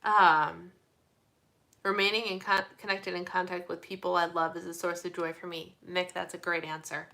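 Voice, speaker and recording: Young woman, bright tone, chatty live-stream host, animated, lots of fillers. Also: on the low side, normal speed, vocal fry. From Midwestern United States. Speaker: host of a live community chat. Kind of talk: casual live-stream chat reading comments.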